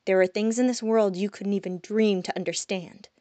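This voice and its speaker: A woman voicing a calm, secretive female demon who speaks low and hushed. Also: moderate pace, dry recording, lightly acted. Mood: commanding. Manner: low, hushed, often whispered.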